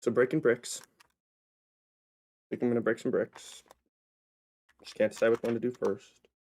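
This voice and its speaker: A man's voice: medium pitch, little pitch movement, moderate pace, a little mellow. A man chatting in a casual solo vlog at home, rambling playfully with asides to viewers while he waits around. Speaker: vlogger and actor. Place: at home, indoors.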